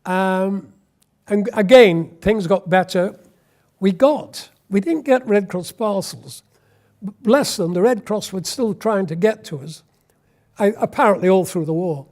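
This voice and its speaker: A man's voice: high voice, measured pace, a little mellow. A man, telling a wry, anecdotal war story in an oral history interview. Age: 80s.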